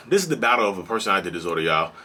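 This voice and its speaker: A male mental health vlogger talking straight to camera in a casual, energetic, preachy and colloquial way. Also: deep voice, fast, husky. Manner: energetic and bouncy. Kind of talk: casual direct-to-camera vlog.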